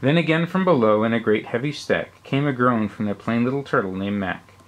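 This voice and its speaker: Dad reading a rhyming bedtime story. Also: male voice, medium pitch, brisk. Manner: rhythmic, expressive rhyming delivery.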